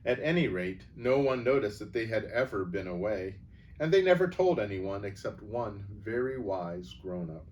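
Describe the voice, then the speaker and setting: A man calmly reading a children's novel aloud as storyteller. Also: lowish voice, moderate pace, dull audio. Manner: calm, even storybook reading. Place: church setting. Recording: distant mic, faint background noise.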